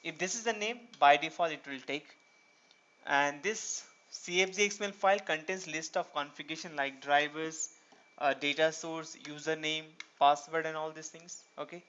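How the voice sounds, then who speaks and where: Pushed and bright, his voice sits on the high side and moves at normal speed. The man is a programming instructor giving a screen-recorded tutorial lecture on a dull lo-fi recording, explaining step by step and asking himself rhetorical questions.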